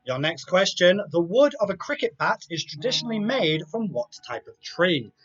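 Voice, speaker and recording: A man's voice: high voice, very animated, normal speed, a bit bright. A man hosting a live online quiz, reading out multiple-choice options and chatting casually between questions. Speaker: quiz host. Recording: dull lo-fi sound with faint music.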